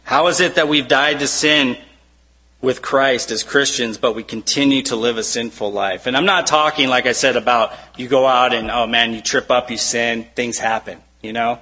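A man preaching a sermon with a bright, forceful voice. His delivery is conversational and full of "you know" asides. He keeps asking rhetorical questions. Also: mid-range voice, fairly even intonation, normal speed, low-quality recording. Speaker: pastor.

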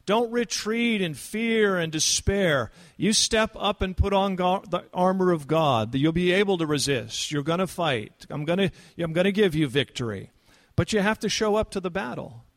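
Male pastor, slightly high voice, casual but earnest sermon delivery. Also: animated, normal speed. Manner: conversational, earnest, rises in pitch for emphasis. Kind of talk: expository sermon.

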